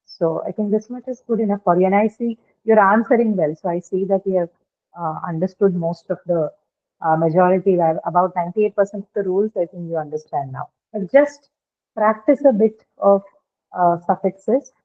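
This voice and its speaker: A woman teacher leads a live online lesson, pausing often on filler sounds and checking that her students follow. Her voice sits at an ordinary middle pitch. It comes through a narrow, phone-like line. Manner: halting, many filler sounds, patient and checking in. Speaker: English teacher. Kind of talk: live online class on pronunciation.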